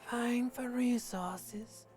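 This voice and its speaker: A woman voicing a creepy, gravelly, whispering inner voice in a game. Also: fairly high pitch, very slow, music in the background. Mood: ominous.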